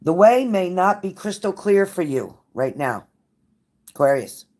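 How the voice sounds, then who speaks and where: A woman's voice: lowish voice, sing-song, measured pace, a little mellow. A woman giving a live tarot reading to viewers, blunt and profane, with a pep-talk delivery that repeats phrases for emphasis. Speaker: tarot reader.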